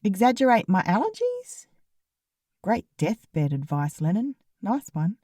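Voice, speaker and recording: A woman's voice: mid-range voice, wildly swooping pitch, unhurried, warm tone, no room sound, clean studio sound. A woman narrating a comic novel in the first person, in a wry, sarcastic way. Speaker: audiobook narrator.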